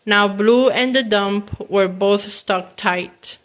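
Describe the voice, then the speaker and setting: A woman reading a children's picture book aloud as a storyteller, gentle and animated, acting out the animal sounds. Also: medium pitch, slow.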